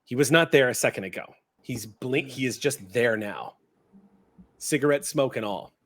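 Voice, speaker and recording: A man's voice: medium pitch, moderate pace, fairly bright tone. A man narrating a tabletop horror game as game master, vivid and easy to laugh.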